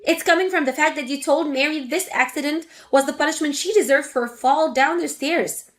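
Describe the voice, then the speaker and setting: A woman's voice: high-pitched, fairly quick, faint music behind, natural voice. A woman voicing an indignant adult daughter confronting her mother in a dramatic story reading. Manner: indignant, forceful.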